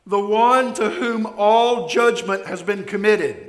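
A man preaching a sermon, emphatic, dropping to a hush and then building loud again. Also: high voice, slow. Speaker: pastor. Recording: echoey hall.

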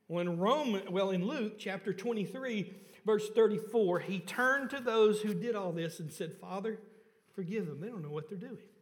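A man preaching a sermon to his congregation and asking them questions, rising for emphasis and then dropping low and soft on key points. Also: big-room sound. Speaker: pastor. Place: church sanctuary.

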